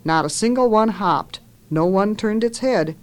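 A woman author reading a story aloud in a measured, expressive way, lifting her voice for the characters' lines. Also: medium pitch.

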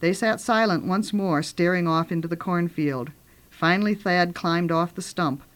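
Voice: mid-range voice, moderate pace, a bit bright. An author reading from their own book aloud and retelling the story in a homey, conversational way.

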